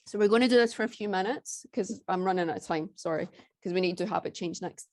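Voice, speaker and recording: A woman presenting a workshop talk, chatty and often checking in with "right?", who turns soft and soothing when guiding a breathing exercise. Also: on the low side, fast.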